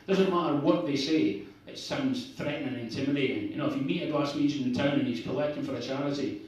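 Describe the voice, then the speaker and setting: A man's voice: medium pitch, fast talker, a little mellow. A man with a northeast Scottish accent doing a rambling, self-deprecating stand-up set at a bar open mic night. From Scotland. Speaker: stand-up comedian. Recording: echoey bar heard from a distance.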